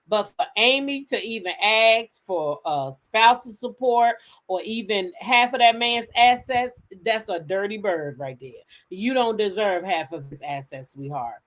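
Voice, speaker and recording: Woman, gossip channel host, lively pitch, casual and profane storytelling. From United States. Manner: animated, profane, quick jumps into loud high quoted voices. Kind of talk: casual storytelling to live chat.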